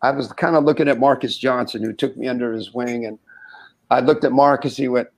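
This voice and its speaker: A man's voice: mid-range voice, a little fast, creaky. A man in his sixties, a former college basketball player, telling stories in an interview and acting out the dialogue with laughter. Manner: animated storyteller who acts out quoted dialogue and laughs often. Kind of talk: anecdotal storytelling in an interview.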